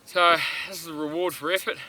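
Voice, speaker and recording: A man talking to camera during a mountain hunt, relaxed and chatty, with plenty of ums and uhs, recorded outdoors on a steep slope. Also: a little high, a little fast, soft background music, poor audio. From Australia. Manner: relaxed, chatty, lots of filler words. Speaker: hunter filming a hunt. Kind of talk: casual on-camera hunting vlog.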